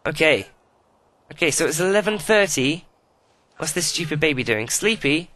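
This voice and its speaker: A man's voice: a little high, expressive, normal speed, pushed and bright. A man giving profane, exasperated running commentary while playing a life-simulation video game. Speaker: let's play host.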